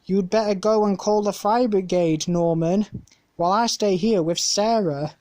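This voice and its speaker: A woman's voice: mid-range voice, unhurried, warm tone, no echo, natural voice. A woman voicing a bossy, teasing young boy in a storybook reading.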